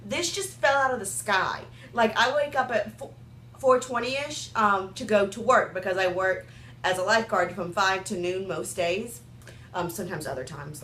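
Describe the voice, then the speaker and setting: A woman's voice: on the high side, sharp tone, echoey room, a little hiss or hum. A young woman reviewing makeup in a chatty, rambling way, full of "like" and "um". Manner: chatty, rambling, filler-heavy with "like" and "um". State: has the hiccups. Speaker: beauty vlogger. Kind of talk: casual product review.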